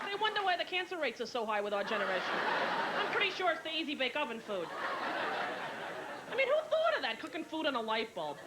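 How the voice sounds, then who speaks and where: On a noisy VHS recording, a woman in her thirties brashly tells family stories onstage and acts out her relatives in a live stand-up set. She talks fast in a high voice with huge pitch swings. The crowd is loud, laughing heavily throughout.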